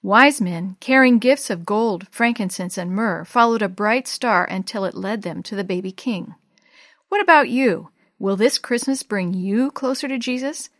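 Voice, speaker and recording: A woman reading a Christmas story aloud to children, gentle and clear. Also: medium pitch, normal speed, no echo, studio quality.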